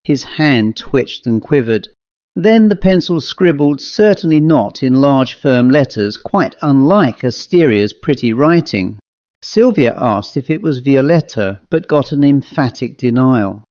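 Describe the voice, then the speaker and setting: A man narrating a ghost story in a measured storytelling manner. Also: medium pitch, expressive, darkish tone, no echo. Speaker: audiobook narrator. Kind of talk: scripted narration. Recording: dull lo-fi dry recording.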